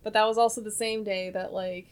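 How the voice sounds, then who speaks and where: A woman's voice: mid-range voice, steady tone, fairly quick, smooth. Giggly young woman from New Jersey. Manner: giggly, chatty, slips into voices. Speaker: podcast co-host. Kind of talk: casual chat.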